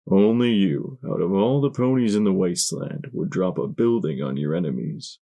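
A man voicing a calm, courteous male pony villain who speaks softly and politely in an audiobook. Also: low-pitched, vocal fry, lo-fi sound, exaggerated voice. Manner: soft, polite, measured.

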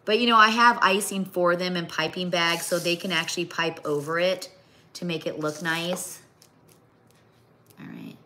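Lower-voiced chatty woman streaming from home. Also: steady tone, normal speed, sharp tone, a little hiss or hum. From American Midwest. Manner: chatty, rambling, talks to her pets mid-sentence. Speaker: livestream host. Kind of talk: casual chat while crafting. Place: home kitchen or craft table.

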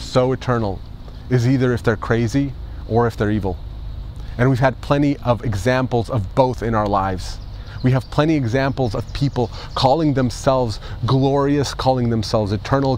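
A man's voice: mid-range voice, a little mellow, a little hiss or hum. A male pastor delivering an Easter sermon, emphatic, with rhetorical questions and repeated phrases.

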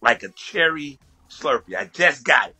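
Husky-voiced man telling stories. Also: a little high, moderate pace, faint music behind. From USA. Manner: profane, laughing, animated storytelling. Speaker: guest. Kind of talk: casual storytelling.

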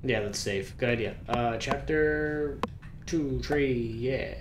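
A man playing a horror game, reading the story text aloud and joking about it, with loud startled outbursts. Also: medium pitch, slow pace, echoey room, noisy background. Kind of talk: let's play commentary with read-aloud story text.

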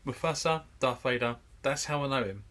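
Bright-voiced man in casual chat. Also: mid-range voice, a little fast. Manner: short agreeing replies, casual swearing. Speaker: podcast co-host.

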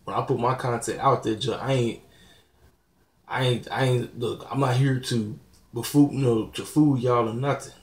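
A man's voice: mid-range voice, fairly even intonation, moderate pace. A young man, hosting his own channel and ranting bluntly and preachily to his viewers. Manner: blunt, preachy, laughing asides. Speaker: channel host. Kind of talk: casual vlog rant to viewers. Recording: roomy echo.

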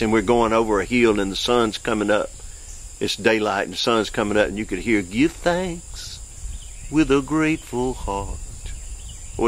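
Man preacher-host, folksy and excitable, low gravelly voice, faint crickets behind. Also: slight background noise. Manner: folksy, excitable, voice jumps high when acting out others. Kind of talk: informal preaching with storytelling.

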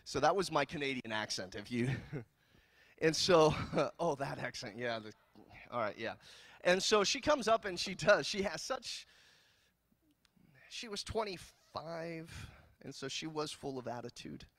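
A man from California preaching a sermon as pastor, telling jokes and stories in an animated way. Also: on the high side, measured pace, pauses often, no echo. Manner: animated, joking storyteller. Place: church.

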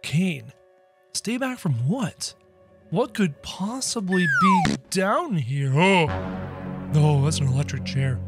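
A man doing excitable, jokey game commentary, yelping and shouting as he plays. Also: high-pitched, slow, music in the background. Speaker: gaming channel host. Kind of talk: game commentary, playing in character.

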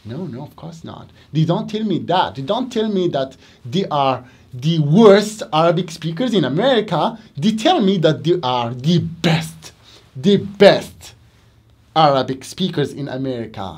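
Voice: mid-range voice, expressive, unhurried, darkish tone, husky. An English teacher with a Moroccan accent giving a lesson to Arabic speakers, repeating words and stressing them theatrically.

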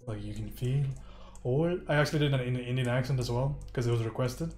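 A man's voice: medium pitch, quick pace, a little mellow. A man giving a casual livestream art tutorial, chatting and swearing freely with his viewers. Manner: chatty, swears, talks to chat. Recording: roomy echo, faint music.

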